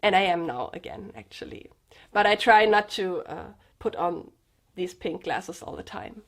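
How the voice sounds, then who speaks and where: A young German woman with a German accent speaks in a fairly low, expressive, creaky voice at a moderate pace. In her personal confessional vlog she sounds earnest and hesitant, with fillers and restarts.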